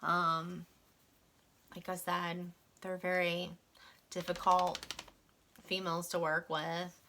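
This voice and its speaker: A young woman vents about her job in a frank, chatty storytime, leaning on little fillers as she goes. Her voice is clear and bright, with a keen edge to it. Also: on the low side, little pitch movement, slow pace, a little hiss or hum. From West Virginia. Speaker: vlogger. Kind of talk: casual storytime venting.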